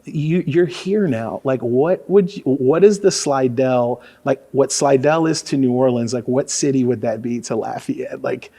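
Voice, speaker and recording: Relaxed storytelling radio DJ, man. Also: medium pitch, a little slow, few pauses. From Louisiana. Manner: relaxed storyteller, lots of fillers. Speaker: radio DJ, guest. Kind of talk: casual conversational interview.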